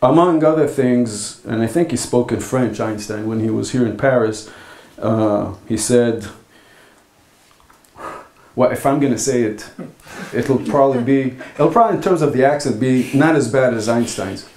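A man giving an academic philosophy talk at a conference, speaking in a halting, thoughtful way with frequent pauses. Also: mid-range voice, darkish tone. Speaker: philosophy lecturer. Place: lecture hall. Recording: echoey lecture hall.

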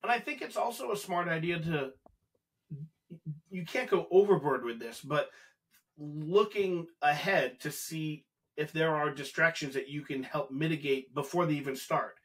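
A man's voice: fairly high pitch, normal speed, a bit bright. A man co-hosting a casual podcast, chatting agreeably and offering practical examples. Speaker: podcast co-host.

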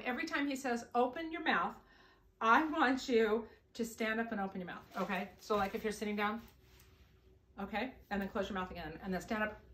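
A woman's voice: on the high side, a bit bright, echoey room. A woman leading a children's singing lesson, talking in an upbeat, coaxing way straight to young children. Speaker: children's singing time leader. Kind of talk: teaching children songs and scripture.

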